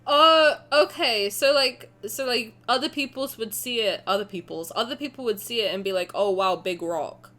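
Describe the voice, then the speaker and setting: A young woman streaming a game reaction, excitable and gushing, laughing and swearing. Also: fairly high pitch, normal speed, hardly any pauses.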